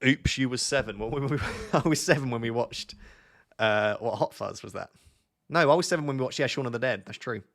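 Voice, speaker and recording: Chatty young streamer, mid-pitched. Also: male voice, a little fast, fairly bright tone. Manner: chatty, jokey, thinks aloud and restarts. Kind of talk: live stream chat with viewers.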